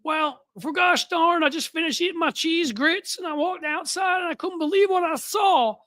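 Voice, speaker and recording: A man puts on a folksy middle-aged Southern senator, all exaggerated drawl and mockery. The voice climbs far above his normal pitch and sounds bright and strained. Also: moderate pace, dry recording, studio quality. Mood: mocking. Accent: put-on Southern US drawl. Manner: exaggerated, mocking, high drawl.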